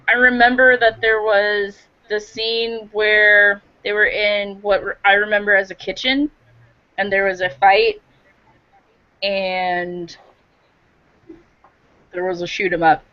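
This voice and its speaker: A woman's voice: medium pitch, bright, forceful tone. A woman co-hosting a casual TV recap over a call with headphones, laughing and trailing off mid-thought. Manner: laughing, halting, restarts. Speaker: podcast co-host. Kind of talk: casual chat recapping a TV episode. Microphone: headphones on a remote call. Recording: dull lo-fi call audio.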